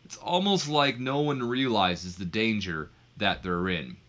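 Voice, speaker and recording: Man voicing a smug wrestler, taunting, bright, a bit louder. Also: lowish voice, unhurried.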